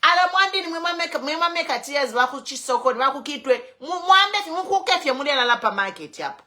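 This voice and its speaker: A Zambian woman hosts an online show and delivers impassioned political commentary. Her high, bright voice fires off rhetorical questions and keeps switching between English and Bemba. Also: animated, fast talker.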